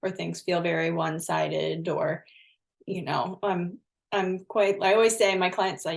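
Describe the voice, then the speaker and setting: Woman co-host, vocal fry, reflective and meandering delivery. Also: on the low side, moderate pace. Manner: thoughtful, circles back on her words. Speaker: podcast co-host. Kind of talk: podcast conversation.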